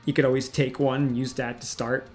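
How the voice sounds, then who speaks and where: A man's voice: mid-range voice, little pitch movement, a little fast, darkish tone, faint music behind. A man hosting a casual livestream chat, frank and profane, often stammering and restarting his sentences. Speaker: streamer host.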